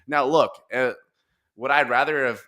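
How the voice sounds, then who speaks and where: A man hosting a casual podcast, talking in animated, profane rants with bursts of laughter. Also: medium pitch, normal speed. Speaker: podcast host.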